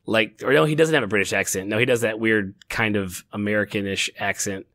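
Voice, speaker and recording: A man's voice: lowish voice, fairly quick, fairly bright tone, dry recording, clean studio sound. A middle-aged man co-hosting a casual TV review chat, rambling with frequent restarts and laughter. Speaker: podcast co-host.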